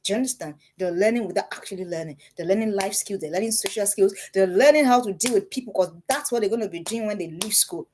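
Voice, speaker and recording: A middle-aged woman giving parenting advice to parents, animated and repeating herself for emphasis. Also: medium pitch, quick pace, few pauses, a little hiss or hum. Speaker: parenting speaker.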